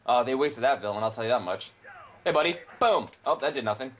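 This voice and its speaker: A man's voice: medium pitch, animated, fast talker. A young man casually commentating a video game, rambling and opinionated, with frequent swearing. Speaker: gameplay commentator. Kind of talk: casual let's play commentary.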